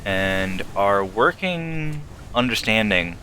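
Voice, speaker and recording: A man's voice: fairly low pitch, lively intonation, slow, pushed and bright, slight background noise. A man playing a game and thinking aloud in casual commentary, working through clues step by step. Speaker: let's play host. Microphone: desktop streaming mic with filters.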